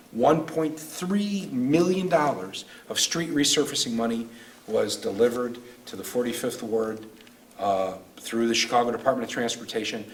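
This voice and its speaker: A man, a state senator, telling stories earnestly in a speech at a neighborhood meeting, sometimes emotional. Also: medium pitch. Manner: earnest, storytelling, acts out quoted voices; emotional at times. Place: community meeting room. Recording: distant mic, faint room noise.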